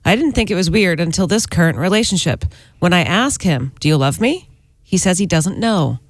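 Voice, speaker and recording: A woman co-hosting morning radio, reading out listener emails in a brisk, plain way. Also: lowish voice, expressive, no room sound.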